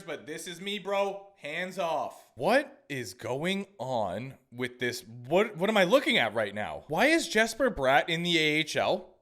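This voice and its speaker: Bright, high-voiced young gaming commentator. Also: male voice. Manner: chatty, sarcastic, talks to the screen. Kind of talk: gameplay commentary.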